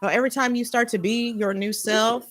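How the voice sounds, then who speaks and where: A young adult woman giving a casual spiritual tarot reading, blunt and animated, swearing freely as she talks. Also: a little high, a little fast, poor audio. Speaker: tarot reader.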